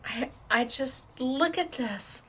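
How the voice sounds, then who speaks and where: A woman hosting a craft show, excitedly showing off viewers' samples, gushing and stammering as she talks. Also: sits high, takes it slowly, breathy edge.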